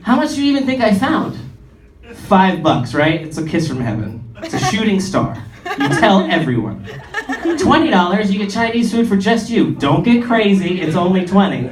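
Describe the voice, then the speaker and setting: Animated young male stand-up comic. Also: moderate pace, noisy background. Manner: animated, swinging between big highs and low asides. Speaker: stand-up comedian. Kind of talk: stand-up comedy set. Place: comedy club stage. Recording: roomy club, distant mic, audience. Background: audience laughter.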